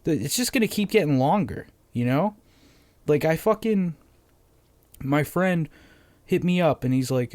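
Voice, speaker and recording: A man's voice: on the high side, animated, normal speed, a little mellow, dry recording. A young man with a Massachusetts accent hosting a casual solo podcast, ranting bluntly with lots of swearing. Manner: profane, rambling, blunt. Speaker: podcast host.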